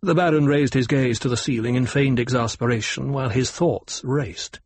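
Husky male audiobook narrator. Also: mid-range voice, normal speed, a little mellow. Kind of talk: scripted narration.

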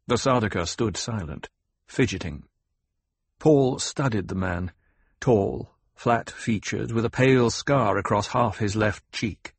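A man narrating an audiobook in a steady, measured way. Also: fairly low pitch, gravelly, breathy edge, no room sound. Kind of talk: scripted narration.

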